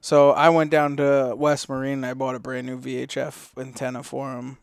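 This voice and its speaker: A man's voice: mid-range voice, flat delivery, normal speed, creaky, clean tone, no room sound, studio quality. A man co-hosting a podcast, telling rambling casual stories packed with fillers and swearing. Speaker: podcast co-host. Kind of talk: casual storytelling.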